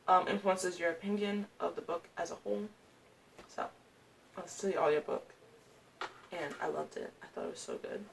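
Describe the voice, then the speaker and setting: A woman's voice: medium pitch, creaky, a bit bright, distant mic. Chatty young woman gushing about books. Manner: chatty, gushing, rambling with many fillers. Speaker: booktuber. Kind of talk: casual book-ranking vlog.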